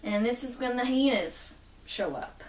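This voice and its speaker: A woman's voice: fairly high pitch, animated, a little slow. A woman casually recapping a comic book story, quoting the characters as she goes. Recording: roomy echo, mic at a distance.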